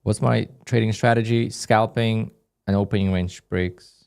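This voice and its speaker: Male livestream host, slightly low pitch, relaxed off-the-cuff commentary reading chat. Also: unhurried, creaky, smooth. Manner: relaxed, reads chat questions aloud and answers offhand. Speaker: day-trading livestream host. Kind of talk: casual live-stream commentary.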